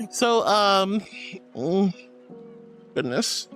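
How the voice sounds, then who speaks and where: A woman's voice: mid-range voice, big pitch swings, drawn-out words, long pauses, soft background music. A woman streamer chatting casually and reading viewer comments, calling her viewers honey and darling and laughing often. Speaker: VTuber streamer.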